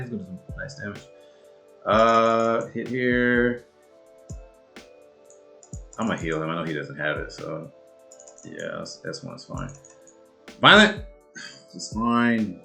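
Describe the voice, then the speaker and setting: A man giving live commentary on his own game match, swearing often and swinging from low muttering to loud outbursts. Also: very animated, takes it slowly, gravelly, long pauses, soft background music. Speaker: gamer and video creator.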